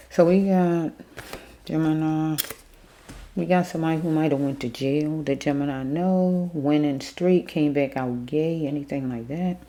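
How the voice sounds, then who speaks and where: A woman giving a casual tarot reading, thinking aloud with pauses, chewing a mint as she talks. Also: sits low, steady tone, warm tone. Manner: chewing a mint while talking. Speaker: tarot reader.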